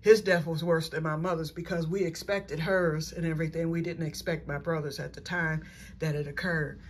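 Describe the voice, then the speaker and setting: A woman's voice: deep voice, steady tone, moderate pace, slight background noise. Rambling, self-correcting middle-aged woman. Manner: folksy, says y'all. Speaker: vlogger. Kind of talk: casual personal vlog.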